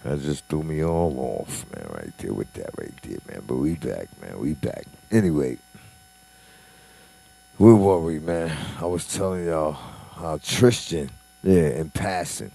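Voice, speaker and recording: Deep-voiced guy talking aave, cussing and ranting, real animated, low voice. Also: measured pace, gravelly, slightly rough. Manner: animated, profane, rising to indignant mocking rants. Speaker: commentator. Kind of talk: casual commentary monologue.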